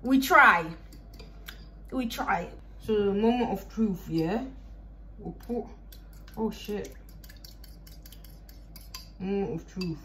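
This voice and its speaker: A woman's voice: mid-range voice, slow pace, pauses often, warm tone. Young woman, from Ireland, casual baking chat, jokey, rambling, swears, home kitchen, noisy recording. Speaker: vlogger.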